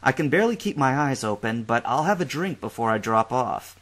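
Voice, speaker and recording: A man's voice: medium pitch, expressive, fairly quick, a bit bright. A man doing a drowsy, weary young man. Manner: weary, easygoing.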